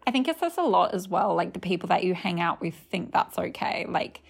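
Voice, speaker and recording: A woman's voice: on the low side, sing-song, fairly quick, gravelly, breathy edge. A woman co-hosting a podcast, chatting casually and gossiping about reality TV with many restarts. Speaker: podcast co-host. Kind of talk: casual chat.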